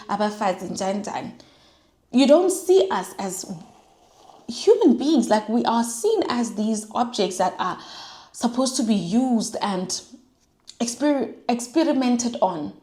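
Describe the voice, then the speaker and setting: A woman's voice: mid-range voice, mellow. South African woman, young adult, earnest vlogger voice, repeats lines for emphasis, roomy echo. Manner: mixes in Zulu and Sotho phrases. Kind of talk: heartfelt monologue while doing makeup.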